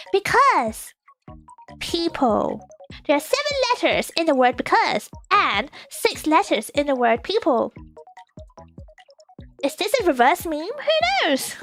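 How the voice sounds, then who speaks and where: Very high, giggly woman streamer. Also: fairly bright tone. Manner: giggly and playful, bursts into squeals. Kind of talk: casual chat reading viewer comments.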